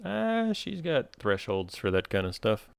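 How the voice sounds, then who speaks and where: A man's voice: fairly low pitch, wildly swooping pitch, a little slow, vocal fry, clear, resonant tone, no echo, clean studio sound. A man narrating as game master of a tabletop game, laid-back and full of fillers.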